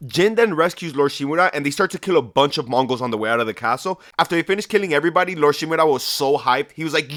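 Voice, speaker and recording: A man's voice: on the high side, lively intonation, fast talker, hardly any pauses, a bit bright. A young man sarcastically retelling a video game's story with lots of slang and swearing. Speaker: video game story recapper. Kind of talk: comedic story recap.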